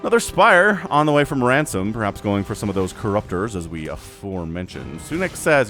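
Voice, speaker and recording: A man casting a strategy game match, animated and excitable, quickly voicing the players in asides. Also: medium pitch, music in the background. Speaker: game caster.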